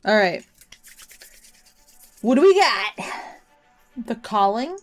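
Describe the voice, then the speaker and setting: A woman's voice: on the high side, very animated, slow, faint music behind. A woman streaming a game, chatting casually and laughing at herself as she plays. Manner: chatty, self-deprecating, laughs often. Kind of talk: casual live game commentary.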